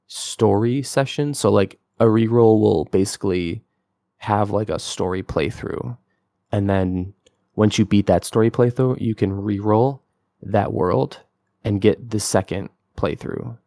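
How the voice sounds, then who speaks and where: A young man with a lowish voice and a gravelly edge, chatting casually as a podcast co-host. He rambles enthusiastically and leans on fillers. The sound is dry and close. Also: dark tone, dry recording. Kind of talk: casual game-review chat.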